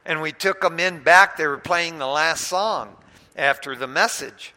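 Sharp-voiced preacher man in a hall. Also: on the high side, unhurried. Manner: animated storyteller, swings between loud and hushed. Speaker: pastor. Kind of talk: sermon with personal storytelling. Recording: long hall reverb.

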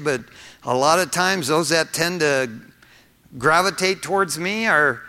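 A middle-aged man preaches with a bright, forceful voice pitched a little high. He talks to the congregation earnestly and conversationally, dropping in personal asides. His words ring out with a long reverb, as in a church sanctuary. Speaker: pastor. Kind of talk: sermon.

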